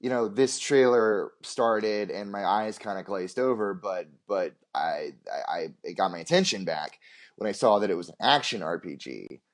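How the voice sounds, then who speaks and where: A man's voice: on the low side, expressive, moderate pace. A man co-hosting a casual game podcast, rambling with many restarts and casual swearing. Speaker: podcast co-host. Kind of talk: casual chat.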